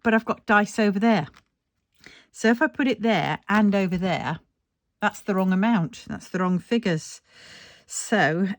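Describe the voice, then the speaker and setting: Heard with no room sound, an older English budgeting vlogger with a low-ish voice chats loosely about her budget. She comes across as a little tired, yawning, rambling and self-deprecating.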